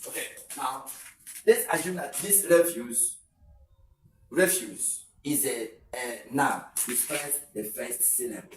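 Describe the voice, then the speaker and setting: A man's voice: mid-range voice, expressive, takes it slowly. A man teaches an English exam-prep lesson, repeating words to show where the stress falls and adding example sentences. He sounds a little distant from the mic in an echoey room. A faint noise sits underneath.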